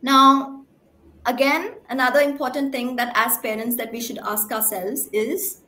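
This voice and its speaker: Female speech therapist, slightly high voice, clear emphatic teaching delivery to parents, asks the room questions. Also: fairly even intonation, a little slow, pushed and bright. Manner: clear, emphatic teaching with frequent "right?" check-ins. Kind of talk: talk to parents.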